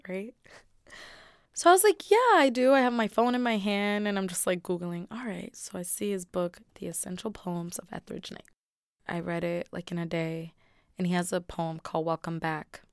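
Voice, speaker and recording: A woman with a fairly low, smooth and resonant voice reads her own poetry. Between poems she talks in a loose, conversational way before settling back into rhythmic recitation. The recording is close and dry, with no room sound. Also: steady tone, normal speed, darkish tone, dry recording. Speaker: poet. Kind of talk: poetry reading with spoken commentary.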